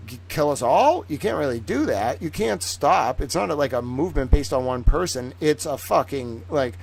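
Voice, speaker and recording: Excitable, profane man streaming. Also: fairly high pitch, gravelly. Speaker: livestream host. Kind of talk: casual livestream commentary.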